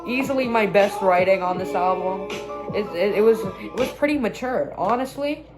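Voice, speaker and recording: A woman with a medium-pitched voice talks at a normal speed as she casually reacts to her own album. She's blunt and self-critical and swears freely. Her music plays clearly in the background.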